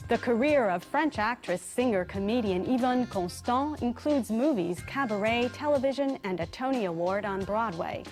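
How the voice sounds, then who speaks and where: A woman's voice: on the high side, lively intonation, normal speed, few pauses, a little mellow. A woman narrating a cultural TV segment in a polished, scripted delivery. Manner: polished, smooth presenter delivery. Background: faint music.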